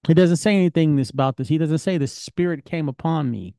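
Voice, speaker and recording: Man, Torah teacher, casual lesson, mellow voice, dry close sound. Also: fairly high pitch, brisk, no echo. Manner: conversational, questioning, colloquial. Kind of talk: informal Bible study lesson.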